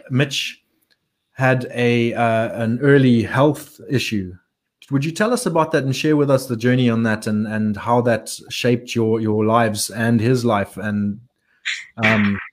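A man hosting a casual interview, earnest and repeating words as he thinks. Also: mid-range voice. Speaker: host.

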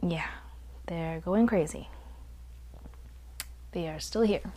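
A young woman hosting a casual podcast, congested, rambling and correcting herself, often dropping to quiet asides. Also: fairly low pitch, slow, very noisy. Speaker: podcast host. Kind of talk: casual chat recap.

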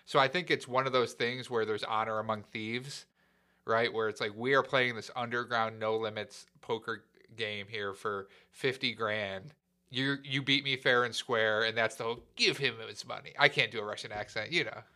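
Casting: man, bright, forceful voice, casual movie-talk co-host, animated. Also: medium pitch, normal speed. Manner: animated, acts out quotes from the film. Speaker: podcast co-host.

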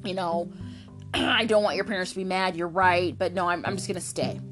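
A woman's voice: on the low side, normal speed, over music, natural voice. A woman quoting an evasive father making excuses to stay home.

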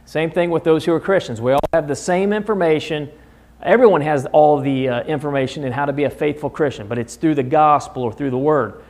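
This man's voice sits a little high and sounds a little mellow, and he speaks fairly fast. He's guiding a conversational Bible study lesson in a Midwestern American church classroom, unpacking passages and asking the class questions.

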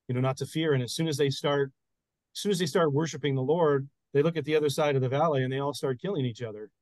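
A man's voice: fairly high pitch, dry recording, poor audio. A man, a pastor and podcast co-host, explaining Bible stories in casual chat with frequent restarts.

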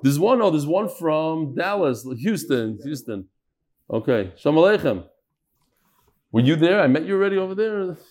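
Male rabbi running a class for a live room, slightly high voice, animated and joking. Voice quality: animated, jokey, quick shifts in pitch. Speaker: rabbi leading a daily Talmud class. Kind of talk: lively class talk, reading out messages.

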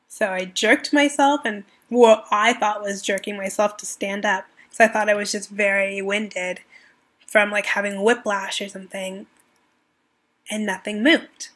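A woman's voice: medium pitch, a bit bright. A woman in her late twenties, a podcast guest from Canada, earnestly retelling a personal story with quoted dialogue. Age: 20s.

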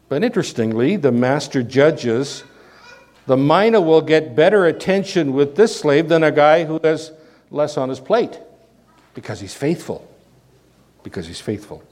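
A man with a Canadian accent, a pastor preaching a sermon full of rhetorical questions and sudden swings in loudness. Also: fairly high pitch, animated, measured pace.

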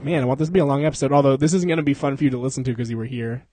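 A man's voice: mid-range voice, fairly even intonation, racing, dark tone, a little hiss or hum. A young man co-hosting a podcast in casual chat, rambling and profane, laughing often and slipping into silly voices. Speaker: podcast co-host.

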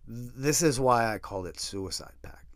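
A middle-aged man hosting a podcast, telling a personal story in a halting, soft-spoken way, with many pauses, and emotional. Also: mid-range voice, lively intonation, dry recording, clean studio sound. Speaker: podcast host.

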